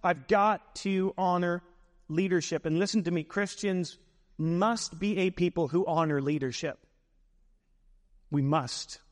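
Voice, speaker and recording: A man's voice: high-pitched, unhurried, long reverb tail. A man preaching a sermon as a pastor, emphatic, repeating phrases for weight.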